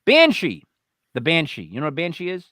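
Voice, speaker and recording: A man's voice: on the high side, very animated, moderate pace, fairly bright tone, no echo, studio quality. A man co-hosting a live online talk show, joking and rattling off lists in casual banter with bursts of emphasis. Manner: playful, jokey, rattles off names with emphatic bursts. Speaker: podcast co-host.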